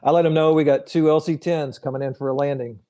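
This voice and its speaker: A man playing in a tabletop game, casual and relaxed in his replies. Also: fairly high pitch, fast. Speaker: player. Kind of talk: casual chat.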